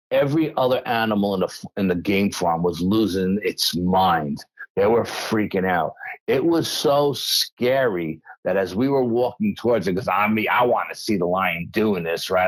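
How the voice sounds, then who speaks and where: A middle-aged man with a very deep voice tells his stories in a loose, animated way, stumbling over restarts and fillers. His voice is recorded dry and close, with almost no room sound. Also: no echo, poor audio. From New York State. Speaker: interview guest, researcher. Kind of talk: casual storytelling interview.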